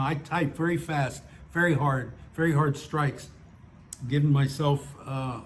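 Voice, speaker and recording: A man's voice: on the high side, fairly bright tone. An older man reading his own stories aloud and breaking off into digressive, self-mocking asides. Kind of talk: story reading with chatty asides.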